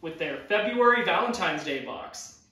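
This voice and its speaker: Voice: medium pitch, animated, bright, forceful tone. A co-host of a casual snack taste-test, easygoing, drawing out reactions to each snack. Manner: slow, easygoing, drawn-out reactions. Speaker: co-host of a snack tasting video. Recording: very echoey room, mic far off.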